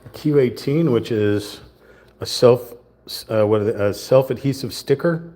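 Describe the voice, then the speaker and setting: The host of this livestream builds a wooden model kit and keeps up a casual narration of each step, mostly talking to himself. He has a warm, mid-range voice, speaks unhurriedly, and now and then slips into a mild southern lilt.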